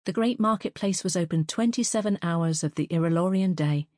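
A woman narrating a first-person fantasy story as an audiobook reader, in a measured, even storytelling manner. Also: on the low side, dry recording, clean studio sound.

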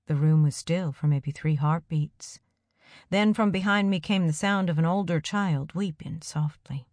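A woman narrating a first-person story aloud in a calm, measured way. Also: sits low, no room sound, clean studio sound. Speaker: audiobook narrator.

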